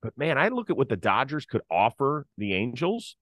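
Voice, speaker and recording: A middle-aged podcast host leads a casual sports talk show, steering the conversation, setting up topics, and running the segments in a conversational way. His mid-range voice is very animated and fairly bright at a moderate pace, with a dry recording.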